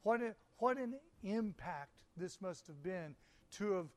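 A man delivering a sermon in a high voice. He takes his time, pausing for emphasis as he reads scripture and explains it to the congregation. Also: animated, a little mellow. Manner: slow, deliberate preaching with emphatic pauses. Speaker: preacher.

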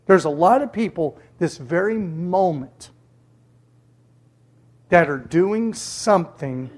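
Preacher, sermon, slow and deliberate, husky, emphatic repetition. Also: mid-range voice, lively intonation, a little mellow. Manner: emphatic, repeats key words for stress.

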